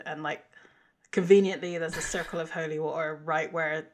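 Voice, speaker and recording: A woman's voice: deep voice, steady tone, normal speed, a little hiss or hum. A woman co-hosting a podcast, chatting casually as she recaps an episode, laughing often and quoting lines in funny voices. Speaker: podcast co-host.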